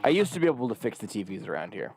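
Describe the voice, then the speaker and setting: A man's voice: fairly low pitch, very animated, racing, a little mellow, slightly rough, soft background music. A man hosting a sports radio show, joking in casual banter with mock exasperation. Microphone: studio microphone.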